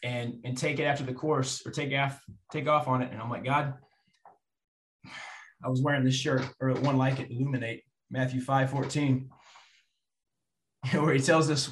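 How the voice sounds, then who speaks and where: A man telling a personal faith story to an audience, animated and acting out the voices of people in it. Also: mid-range voice, normal speed, pauses often. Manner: animated, acts out quoted voices. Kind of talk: storytelling testimony. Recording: roomy echo.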